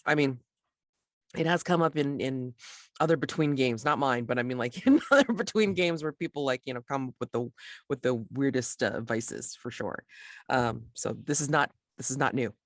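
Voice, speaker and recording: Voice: mid-range voice, moderate pace, no echo, clean studio sound. A game master casually running a tabletop role-playing game, explaining rules with many fillers and restarts.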